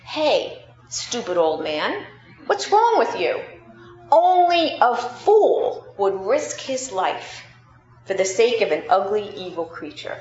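A woman's voice: medium pitch, a little fast, few pauses, darkish tone, natural voice. A woman voicing a scornful male passerby who mocks and scolds in a raised, jeering voice. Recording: roomy, dull sound.

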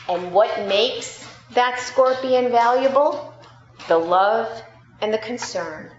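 A woman preacher delivering a sermon, telling a story slowly and deliberately, rising and dropping for emphasis. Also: mid-range voice, a little hiss or hum. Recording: roomy, dull sound with faint ambience.

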